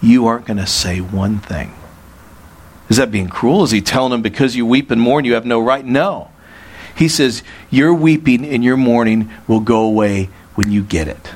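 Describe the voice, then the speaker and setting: A man's voice: medium pitch, moderate pace. A male pastor preaching a sermon in an earnest way, asking rhetorical questions.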